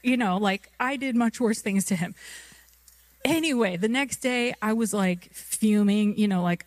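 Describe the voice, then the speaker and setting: A woman's voice: mid-range voice, a little slow, no echo. A woman in her thirties preaching a sermon, telling a personal story in a chatty way and laughing often. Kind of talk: anecdote in a sermon.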